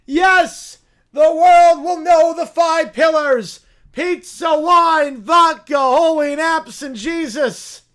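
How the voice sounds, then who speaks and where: A fanatical young bear preacher bellows orders in a high, strained voice, declaiming every line like a sermon, as a man puts him on. The delivery is loud and drawn out, with pitch climbing well above an ordinary speaking voice. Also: takes it slowly, heavily acted. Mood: frenzied shouting. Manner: booming, declaiming sermon-like commands.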